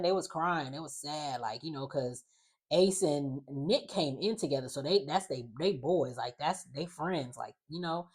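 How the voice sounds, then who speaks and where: Low-voiced chatty woman recapping a show. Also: a little slow. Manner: chatty, heavy use of "like", animated quoted voices. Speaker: recap vlogger. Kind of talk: casual reality TV recap.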